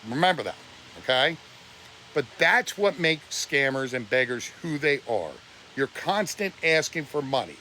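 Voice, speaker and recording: A man's voice: medium pitch, sing-song, measured pace, bright, forceful tone, a little hiss or hum. A man ranting on a live stream, preachy and blunt, his voice close to breaking with emotion. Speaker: livestreamer.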